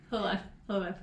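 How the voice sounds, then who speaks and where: A woman co-hosting a podcast in casual chat, animated and swearing freely. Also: medium pitch, roomy sound, a little hiss or hum. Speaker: podcast co-host.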